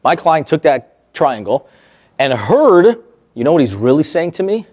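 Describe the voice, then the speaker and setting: Animated man lecturing on therapy cases. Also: a little high, unhurried. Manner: animated, acts out quoted remarks, checks in with the audience. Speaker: therapist teaching a workshop. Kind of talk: lively workshop lecture told through client stories.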